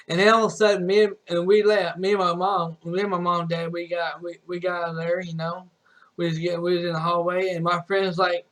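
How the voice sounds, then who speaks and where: A man's voice: sits high, flat delivery, fast talker, a bit bright. A young man telling a personal story in a rambling, casual way, with many restarts and some swearing. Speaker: streamer.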